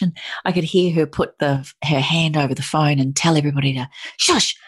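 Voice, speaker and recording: A woman's voice: sits low, moderate pace, vocal fry, slightly rough. A middle-aged woman telling a personal story in conversation, emotional and full of restarts and quoted voices.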